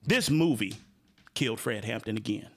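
A man's voice: fairly low pitch, expressive, moderate pace. A man with a Chicago accent hosting a casual talk show, speaking animatedly with frequent repeated words and restarts. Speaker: host.

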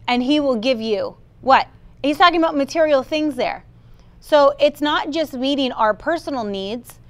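A woman delivers a sermon in a smooth, resonant voice that sits slightly high. She speaks emphatically, often voicing what believers ought to say. She also calls out to people in the room by name. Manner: emphatic, quotes the congregation's inner voice; addresses listeners by name. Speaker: preacher.

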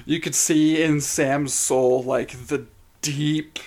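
A man's voice: on the high side, fairly even intonation, takes it slowly, darkish tone. A man co-hosting a podcast, chatting casually and laughing often as he retells funny moments. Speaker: podcast co-host. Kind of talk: casual chat.

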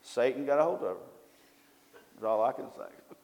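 A man's voice: medium pitch, lively intonation, normal speed, lo-fi sound. A man preaching a sermon in a folksy way, often asking his congregation questions. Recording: long hall reverb.

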